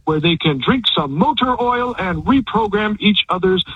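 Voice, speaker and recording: A man's voice: high voice, lively intonation, moderate pace, narrow, tinny audio, slight background noise. A man on a prank call, talking in a stiff malfunctioning robot voice. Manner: stiff beeping robot impression. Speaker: prank caller.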